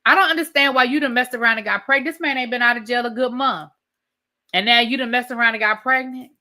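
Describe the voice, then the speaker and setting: A woman's voice: on the high side, steady tone, fast, pushed and bright. A woman reviewing a reality show in a casual rant, sassy and blunt with profanity.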